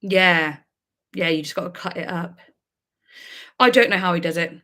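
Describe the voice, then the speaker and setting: A woman's voice: fairly low pitch, normal speed, bright, forceful tone. A woman, a music reaction YouTuber, chatting casually and rambling on a livestream, laughing often.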